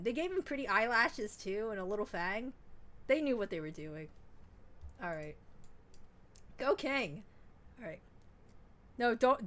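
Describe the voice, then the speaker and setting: A fairly high-voiced woman streams a game and chats on and on in a loose, excitable way. She rambles, gushes and swears without a second thought. It sounds like an easygoing live gaming stream. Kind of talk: casual gaming stream chat.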